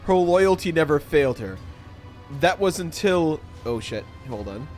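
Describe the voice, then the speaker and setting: A man's voice: fairly high pitch, measured pace. A man live-streaming who chats with his audience, reads out story text theatrically and keeps breaking into laughter. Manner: excitable, breaks into laughter, theatrical when reading. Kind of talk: casual live-stream chat and dramatic reading. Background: faint background music.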